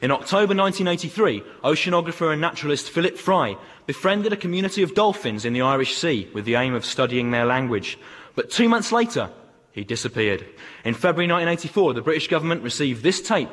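A man in his twenties hosting a comedy sketch in a deadpan presenter manner. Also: on the high side, quick pace, in a large hall. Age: 20s. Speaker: sketch host.

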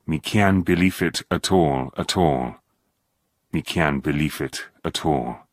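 This is a poetry reader, reciting in a comic radio sketch. His voice sits extremely low and unhurried. Each line rolls out solemn, rhythmic and drawn out, and the recording is dry and close. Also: fairly bright tone, no room sound, exaggerated voice. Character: deep-voiced actor reciting a patois poem. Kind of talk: slow dramatic recitation.

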